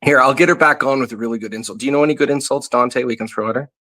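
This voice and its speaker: A man's voice: mid-range voice, rapid-fire, pushed and bright. A man appearing as a guest on a comedy talk show, goofy and playful while promoting his comic. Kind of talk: comedic podcast banter.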